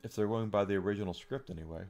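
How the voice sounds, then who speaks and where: A man's voice: on the low side, very fast, a little mellow. A man streaming a game, chatting with amusement and plenty of filler words. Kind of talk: casual let's-play commentary.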